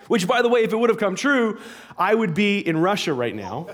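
A man preaching a sermon as an animated, humorous story with frequent asides. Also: sits high, brisk. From Canada.

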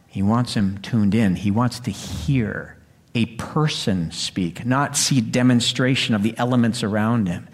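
Animated male pastor preaching a sermon. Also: fairly low pitch. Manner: animated, acts out quoted voices, swings from loud to hushed. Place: church sanctuary.

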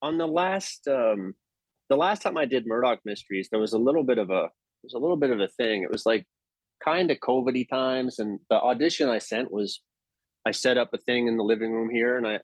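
A male actor telling stories in a casual interview, animated and often restarting his sentences. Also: on the low side, no room sound. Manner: anecdotal, animated, with frequent restarts.

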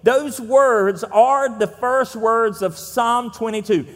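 A Southern US man preaching a sermon in a relaxed, folksy, conversational way, often pausing on fillers. His voice sits high for a man, and a long reverb from a large church room trails every phrase. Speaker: pastor.

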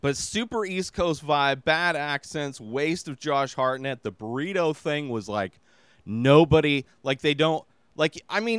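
A man's voice: fairly high pitch, lively intonation, measured pace, a bit bright, clear, resonant tone, no room sound. A man hosting his own podcast, giving a casual movie review in a rambling, exasperated way with lots of filler words. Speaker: podcast host.

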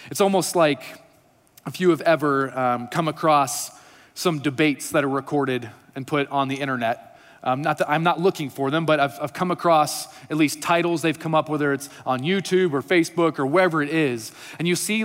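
A man's voice: a little high, normal speed, a bit bright. Male pastor preaching in a reverberant hall. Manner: casual, conversational preaching with humor. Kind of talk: sermon with scripture reading.

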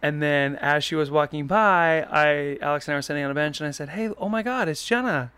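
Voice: medium pitch, a little fast, fairly bright tone, smooth, dry recording. A podcast co-host reminiscing with their partner in a loose, rambling way, full of fillers and playful teasing. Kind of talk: casual chat, reminiscing with partner.

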